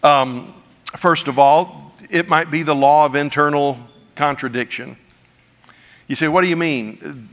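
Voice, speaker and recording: A male pastor preaching a sermon, telling stories with folksy humor and animated delivery. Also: on the high side. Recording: long hall reverb.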